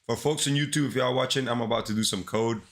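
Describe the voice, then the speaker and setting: A man's voice: mid-range voice, fast. A man with a congested, sick-sounding voice chatting casually to his livestream viewers in laid-back slang. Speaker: live-streaming developer.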